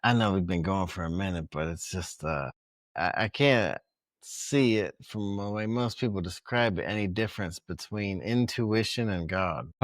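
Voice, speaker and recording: A man's voice: sits low, moderate pace, no room sound, studio quality. Laid-back musing man. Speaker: podcast co-host. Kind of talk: casual chat.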